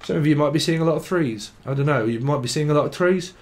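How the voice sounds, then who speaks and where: A man's voice: fairly high pitch, fast. A man giving a casual tarot reading, rambling and swearing, now and then breaking into sing-song chanting. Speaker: tarot reader. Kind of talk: casual psychic reading monologue.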